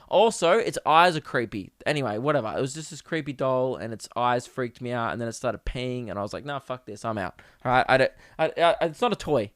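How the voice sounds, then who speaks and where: A young man from Australia rambling through a casual comedic podcast monologue, animated and swearing freely. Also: on the high side, smooth, no echo, studio quality. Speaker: podcast host. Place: home podcast setup.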